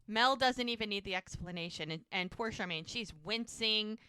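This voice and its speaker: Brief: woman podcast host, bright tone, dry close mic, lively recap storyteller. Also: mid-range voice, normal speed, clear, resonant tone, no echo. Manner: animated storyteller acting out scenes. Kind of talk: casual chat recapping a TV episode.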